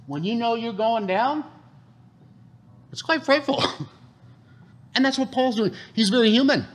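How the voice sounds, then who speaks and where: A man's voice: very high voice, measured pace. A man preaching a sermon in a conversational way, often asking the congregation questions. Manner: animated, conversational, asks the room questions. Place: church hall.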